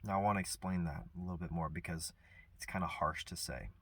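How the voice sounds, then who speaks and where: A man speaking earnestly and reflectively about grief and forgiveness, soft-spoken with pauses. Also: deep voice, vocal fry, husky. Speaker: vlogger sharing personal grief. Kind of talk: reflective personal talk.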